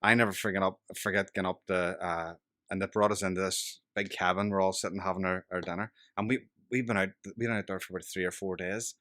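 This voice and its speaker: A man with a Belfast accent, a podcast guest telling lively anecdotes, swearing freely and laughing at his punchlines. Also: deep voice, fast, no echo, clean studio sound. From West Belfast, Northern Ireland. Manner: animated yarn-spinning, swears freely, laughs through punchlines. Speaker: podcast guest, local politician. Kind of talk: casual storytelling chat.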